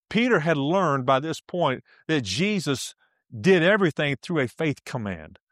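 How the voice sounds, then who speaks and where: A man's voice: on the high side, very animated, unhurried, fairly bright tone, no room sound, clean studio sound. A male preacher teaching a sermon, emphatic, repeating key phrases and laughing often as he speaks.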